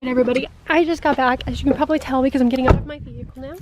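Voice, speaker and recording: College-age woman vlogger, chatty and rambling, high voice. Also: fairly even intonation, racing, heavy background noise. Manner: rambling, chatty, laughs when embarrassed. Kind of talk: casual vlog.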